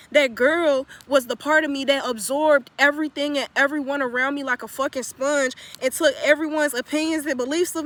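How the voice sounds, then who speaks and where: A woman's voice: high voice, a bit bright. A young woman telling a confessional story in a blunt, profane, emphatic way that repeats phrases for weight. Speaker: spiritual vlogger.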